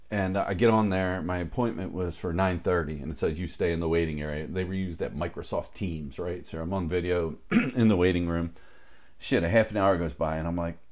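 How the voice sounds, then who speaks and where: A man with a very low, deep voice tells a long story in casual chat. He swears freely and acts out what everyone said. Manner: profane, animated anecdote-telling with quoted dialogue.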